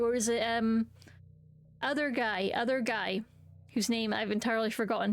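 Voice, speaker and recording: A woman's voice: on the high side, steady tone, moderate pace, no echo. A woman streaming a dating game, reading its lines aloud with playful comments and silly voices.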